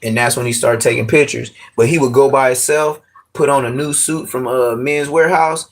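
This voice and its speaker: A man's voice: medium pitch, fairly even intonation, normal speed. A man talking loosely into his phone on a live stream from home. He wanders from point to point in slang-heavy, profane everyday speech. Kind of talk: casual live-stream chat.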